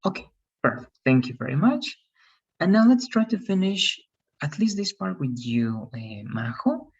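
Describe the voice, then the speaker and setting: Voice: medium pitch, sing-song, moderate pace, breathy edge, dull audio. An English teacher on a video call, patiently correcting students' pronunciation and encouraging them. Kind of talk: online class feedback.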